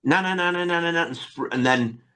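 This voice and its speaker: A man's voice: fairly high pitch, fairly quick, pushed and bright, clear, resonant tone. A man hosting a podcast, casually retelling sitcom scenes with many tag questions. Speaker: podcast host. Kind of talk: casual chat recapping a sitcom episode.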